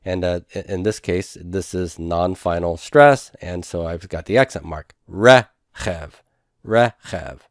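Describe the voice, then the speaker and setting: Male instructor, lowish voice, methodical, repeats terms slowly; dry, close recording. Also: dry recording. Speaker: Hebrew instructor. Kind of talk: recorded lecture over handouts.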